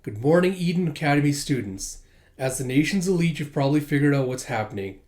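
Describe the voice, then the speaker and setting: A man voicing a menacing bus hijacker, speaking in a loud, commanding way. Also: on the high side, lively intonation, fast, natural voice. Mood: threatening.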